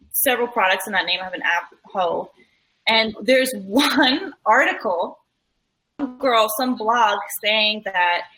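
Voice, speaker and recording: A woman's voice: mid-range voice, pushed and bright, rough recording. A woman podcast guest speaking bluntly and with strong opinions in casual chat.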